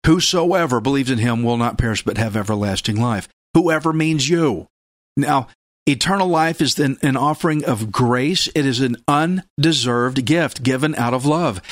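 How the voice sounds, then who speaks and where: A man preaching a sermon with emphatic delivery, repeating key phrases and breaking into sudden loud bursts. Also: mid-range voice, normal speed, no echo, studio quality.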